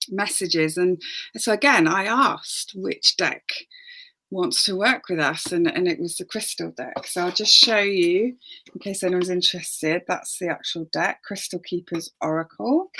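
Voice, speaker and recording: A woman, a guest and oracle card reader, explaining in a relaxed, gentle way with many fillers. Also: lowish voice, moderate pace. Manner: gentle, hesitant with fillers, acts out voices.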